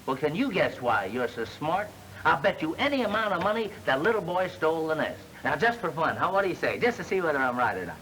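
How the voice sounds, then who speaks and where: A man's voice: fairly high pitch, very animated, quick pace, a bit bright, a little hiss or hum, rough recording. A glib wisecracking salesman. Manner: glib, wisecracking, mock-solemn storyteller. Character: slick smart-aleck young salesman. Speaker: fast-talking salesman. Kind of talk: 1930s film comedy acting.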